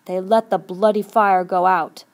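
A woman's voice: mid-range voice, fairly even intonation, a little slow, close to an everyday voice. A woman voicing a desperate young boy who leads the group, calling out urgently. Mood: tense. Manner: shouting urgently.

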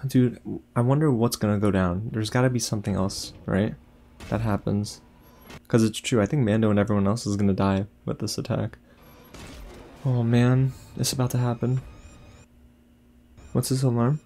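A young man hosting a casual reaction video, talking excitedly to his viewers with lots of exclamations. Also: fairly low pitch, normal speed, long pauses. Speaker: YouTube reaction host.

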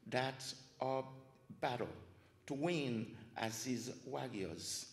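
Slow earnest man reading poetry. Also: mid-range voice. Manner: slow, earnest recitation with pauses. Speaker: poetry reader. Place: library event room. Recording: echoey hall, reverberant.

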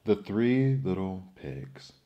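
A man reading folktales aloud as a soft, soothing ASMR bedtime story. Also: on the low side, big pitch swings, slow pace, dull audio.

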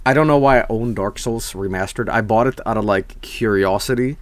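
A man's voice: lowish voice, brisk, no room sound. A young man streaming, chatting casually and reading viewer messages, rambling and swearing, often breaking into laughs.

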